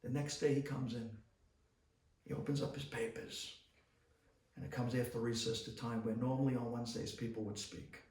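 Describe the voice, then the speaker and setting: A man, a rabbi, giving a storytelling sermon that acts out the voices in his story and climbs into shouting. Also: mid-range voice, flat delivery, moderate pace. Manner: dramatic storyteller who acts out dialogue and builds to shouting. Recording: roomy hall miked from a distance.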